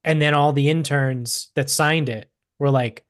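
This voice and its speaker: A man's voice: on the high side, steady tone, measured pace, few pauses, no echo, clean studio sound. A man co-hosting a podcast in casual chat, telling a story in a rambling way with swearing and mocking asides. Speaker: podcast co-host.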